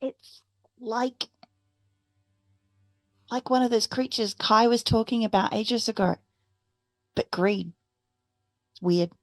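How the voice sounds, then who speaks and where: A woman's voice: on the high side, takes it slowly, long pauses, no echo. Playful woman player. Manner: playful, casual. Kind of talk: playing a tabletop game.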